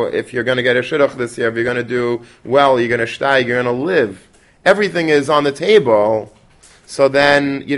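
A man teaching a Torah class in a conversational way, dropping Yiddish and Hebrew terms and restarting often. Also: medium pitch.

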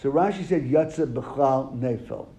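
A man's voice: medium pitch, measured pace, dark tone. A man teaching a classroom lesson, asking his students questions and then answering them. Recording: echoey room, faint noise.

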